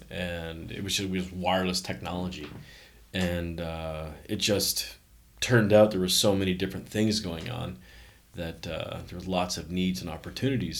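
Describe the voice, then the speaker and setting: A middle-aged man from Canada, a company founder, telling stories in a casual interview and acting out the voices of people he quotes. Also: deep voice. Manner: animated anecdotes, acts out quoted voices.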